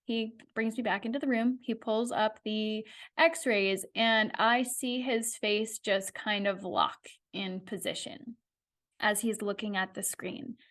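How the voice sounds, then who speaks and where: A woman hosts a podcast and tells her own story in a personal monologue, candid and conversational, retelling events with animation. Her voice is medium in pitch and slow.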